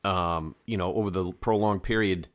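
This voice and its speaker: A man's voice: deep voice, fairly even intonation, normal speed. A man co-hosting a casual podcast, speaking hesitantly with many fillers and dropping in playful asides. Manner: hesitant, full of uh and you know, with playful asides. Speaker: podcast co-host.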